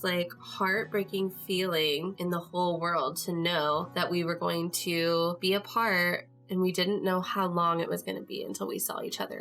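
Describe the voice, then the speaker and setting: Young Midwestern woman host, chatty storyteller, lowish voice, soft music under her. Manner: chatty, lots of "like", emotional. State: tearful at moments. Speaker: podcast host. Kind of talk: casual personal storytelling.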